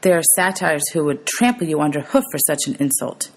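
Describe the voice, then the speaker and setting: A woman's voice: low voice, lively intonation, brisk. A woman reading as a touchy young satyr. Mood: defensive. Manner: defensive, bleating retorts. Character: young male satyr, nervous, touchy best friend.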